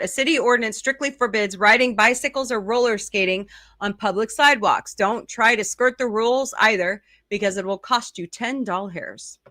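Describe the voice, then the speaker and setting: A woman host in casual chat, reading odd news items aloud with quick asides and laughs, a little sleepy and yawning. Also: medium pitch, pushed and bright, no room sound, clean studio sound.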